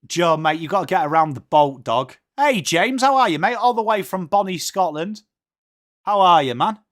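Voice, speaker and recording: English male streamer, friendly chatter, calls everyone mate, slightly higher pitch. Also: animated, normal speed, a bit bright. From England. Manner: chatty, greets viewers by name, says mate a lot. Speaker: livestream host. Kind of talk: casual live watchalong chat.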